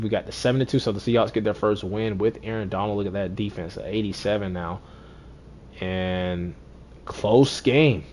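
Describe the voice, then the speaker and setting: A man with a fairly low voice gives casual commentary on his own football video game. He talks to himself, repeats his phrases and swings between deflated mutters and excited bursts. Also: slight background noise. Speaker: gaming streamer.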